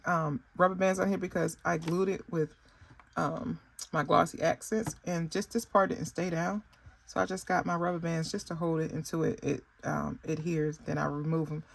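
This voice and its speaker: A woman casually talking viewers through her saving binders, rambling with many pauses and fillers and often calling them "y'all.". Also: fairly low pitch, gravelly, a little hiss or hum. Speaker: budgeting vlogger. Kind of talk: casual chat while showing saving binders.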